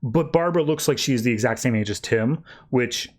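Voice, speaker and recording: A man hosting a podcast who recaps comics in an animated way and acts out the characters. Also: mid-range voice, a little fast. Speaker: podcast host. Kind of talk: casual comic book recap.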